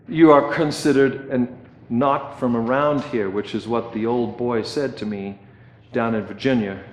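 A man's voice: medium pitch, echoey room. A man preaching a sermon as pastor, conversational, often checking in with "okay" and repeating words as he goes.

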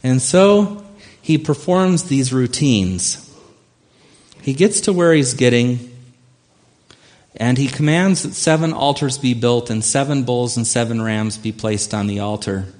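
A pastor with a mid-range, somewhat dark voice preaches at a measured pace. He retells a scripture story conversationally and acts out the characters' voices.

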